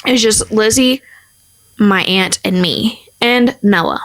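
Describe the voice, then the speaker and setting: A young woman co-hosting a casual podcast, chatting through a family story. She talks in an animated way, full of fillers. She jumps into the voices of the people in her tale. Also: medium pitch, slow. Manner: animated, acts out quoted people, many fillers. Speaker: podcast co-host.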